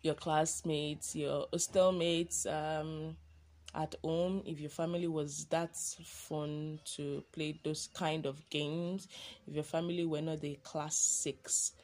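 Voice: mid-range voice, level tone, slow pace, a little mellow. A podcast host, chatting casually and rambling through a monologue with many ums and self-corrections.

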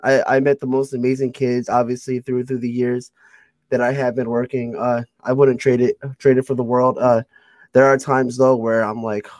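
A man's voice: medium pitch, level tone, moderate pace, a little mellow, dry recording. A young man hosting a casual interview, joking about himself and laughing often. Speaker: podcast host.

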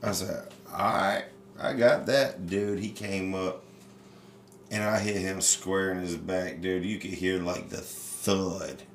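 A man hosting a casual chat, telling baseball stories with lots of swearing and animated energy. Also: sits low, slow pace, reverberant, slight background noise. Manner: profane, animated storyteller. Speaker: podcast host.

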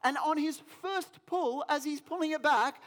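A male pastor preaching a sermon, telling a personal story in an animated, self-deprecating way. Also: very high-pitched, moderate pace.

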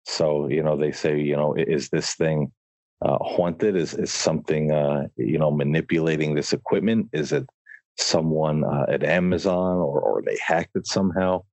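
A man co-hosting a casual chat, talking haltingly with lots of fillers. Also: rumbling low, darkish tone, dry recording. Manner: halting, lots of "you know". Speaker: podcast co-host.

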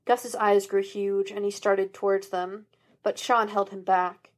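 A woman narrating fan fiction in an even, unhurried reading voice. Plain and clear. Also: mid-range voice. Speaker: audiobook reader.

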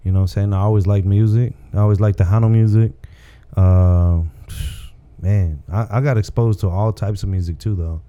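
This is a man from Texas in an easygoing conversation, telling stories in a rambling way. His voice sits low, with a very dark, mellow timbre. He keeps checking in with the listener as he talks. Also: steady tone, moderate pace, muffled recording. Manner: rambling storytelling with frequent "you know what I'm saying". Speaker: guest comedian. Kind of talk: casual podcast chat.

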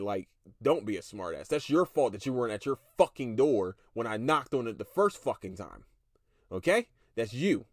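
A man's voice: medium pitch, no room sound, clean studio sound. A man in his thirties hosting a solo podcast, ranting with heavy profanity and breaking into laughter. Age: 30s. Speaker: podcast host.

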